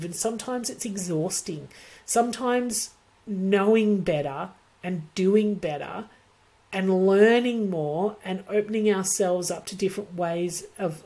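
A woman's voice: medium pitch, dark tone. A middle-aged woman talks to fellow daycare educators in a casual podcast. She is earnest and reflective, and she often stops to fix a word or laugh at her own slip. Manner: earnest, self-correcting, laughs at herself.

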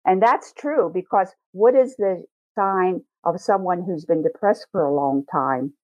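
Woman, slightly low voice, animated teaching manner, tinny phone-quality audio. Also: unhurried, no room sound. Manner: animated, acts out feelings in first person. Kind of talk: conversational teaching. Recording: tinny phone-like line, dry.

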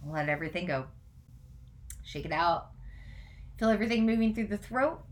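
Fast-talking woman host guiding breathwork. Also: lowish voice, animated, a little hiss or hum. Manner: fast, run-on talking with restarts; gentle instructive guidance in breathwork. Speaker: spiritual coach and podcast host. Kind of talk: casual live-stream talk guiding breathwork.

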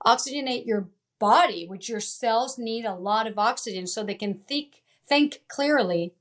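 A life coach of Italian and Venezuelan background appears as an interview guest, speaking at a normal speed in a slightly high voice. Her motivational talk is emphatic, and she keeps repeating her key phrases.

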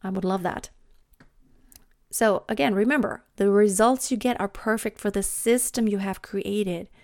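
A woman in her thirties talks through her week in a loose, chatty monologue, full of "you know" and "like". Her voice sits at an ordinary middle pitch. The sound is dry and close, with no room around it. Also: moderate pace, no room sound. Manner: chatty, many fillers, animated retelling. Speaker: podcast host, mother. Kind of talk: casual personal monologue.

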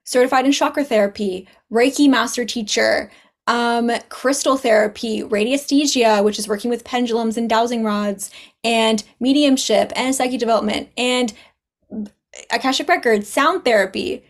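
Woman guest on a podcast, kinda high voice, laughs a lot, acts out what people said. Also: moderate pace. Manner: chatty, laughs often, acts out quoted dialogue. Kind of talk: casual podcast chat.

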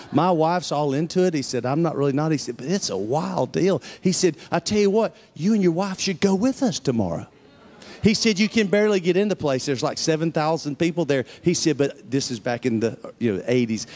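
Storytelling preacher with a drawl. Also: male voice, fairly high pitch. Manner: storytelling, acting out quoted voices, rising to excited peaks. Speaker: pastor. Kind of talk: sermon testimony.

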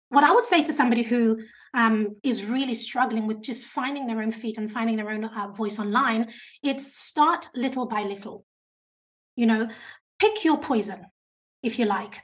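Woman, high voice, animated interview guest giving speaking advice. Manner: animated, chatty, self-described natural talker.

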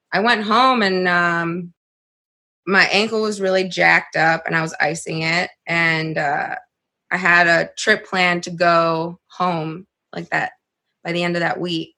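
A young adult woman telling a personal story on a podcast in a casual, animated way, saying "like" a lot and swearing freely. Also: lowish voice, creaky. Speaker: podcast guest.

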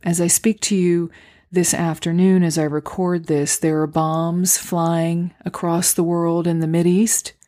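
Woman podcast host, warm low-ish voice, gentle and encouraging, takes her time. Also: little pitch movement, measured pace. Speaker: podcast host and acting coach. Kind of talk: reflective solo podcast talk. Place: home, recorded near a street.

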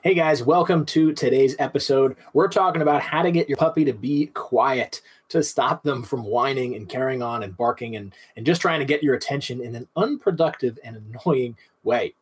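A man's voice: mid-range voice, normal speed, few pauses, breathy edge. A man hosting a podcast, giving casual instructional talk on dog training and explaining things conversationally with rhetorical questions.

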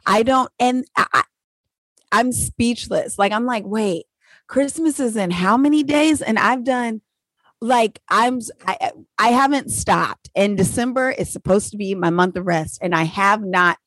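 A woman's voice: medium pitch, fairly bright tone, no echo. A woman co-hosting a casual chat, laughing often and trailing off mid-sentence in a self-deprecating way. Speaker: co-host.

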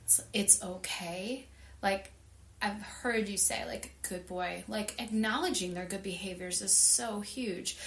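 A woman's voice: mid-range voice, unhurried. Earnest woman guest in a roomy echo. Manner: earnest and heartfelt, lively emphasis. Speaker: wellness guest. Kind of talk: casual interview chat.

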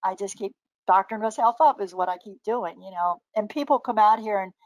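An older woman, a great-grandmother and naturopathic doctor, casually telling lively anecdotes, laughing often and acting out the voices of people she quotes. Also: medium pitch, brisk, dry recording, lo-fi sound. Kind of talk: casual storytelling.

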